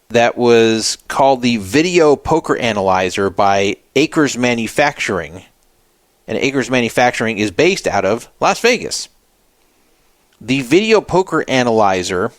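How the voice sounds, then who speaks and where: A man's voice: medium pitch, no echo. A man hosting a solo podcast, talking casually and skeptically and reading out viewer comments in a wry way. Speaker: podcast host.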